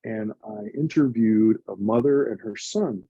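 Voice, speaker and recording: Earnest husky man telling his story. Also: on the low side, a little slow, no echo, highs cut off. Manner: earnest, emotional, chatty with many "like" fillers. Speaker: nonprofit co-founder guest. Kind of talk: reflective conversational storytelling.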